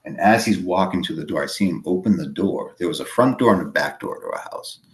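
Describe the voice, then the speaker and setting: A man with a Boston accent telling a long personal story in casual chat, halting and full of fillers. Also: low voice, lively intonation. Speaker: podcast guest.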